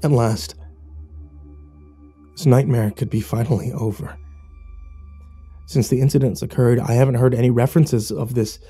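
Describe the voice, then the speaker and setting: A man's voice: medium pitch, mellow, breathy edge. A man narrating a horror story in the first person, with dramatic scripted delivery.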